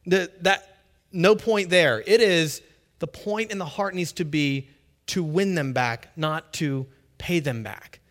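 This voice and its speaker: A man preaching a sermon as pastor, conversational and animated, acting out little quotes. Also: fairly high pitch, slow pace.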